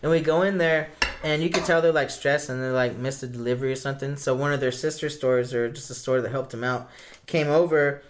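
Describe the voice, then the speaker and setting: A man's voice: mid-range voice, steady tone, brisk, noisy background. A young man, a podcast co-host, telling rambling work anecdotes in casual slang. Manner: rambling anecdotes, says bruh and dude. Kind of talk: casual chat.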